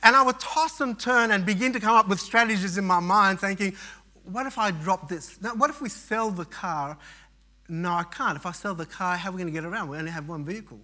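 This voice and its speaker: A man's voice: high-pitched, a little fast, sharp tone. A middle-aged man pastor preaching, telling a personal story with frequent restarts and fillers. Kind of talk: sermon.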